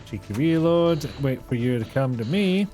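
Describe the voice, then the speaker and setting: Young male streamer, mid-pitched, animated and sarcastic, cursing at his own play over faint game music. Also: normal speed. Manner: swears freely, sarcastic, self-mocking. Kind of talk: casual gameplay commentary.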